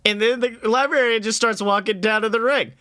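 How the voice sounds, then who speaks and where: A young man co-hosting a podcast, excitable and swearing, laughing often through casual banter. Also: high voice, fairly quick. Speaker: podcast co-host.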